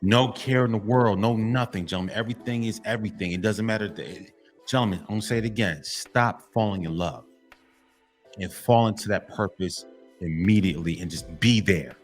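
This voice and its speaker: Speaking a little fast in a low-leaning voice, a men's motivational vlogger delivers a blunt, repetitive lecture over faint background music. He keeps addressing "gentlemen" and only half-censors his curse words.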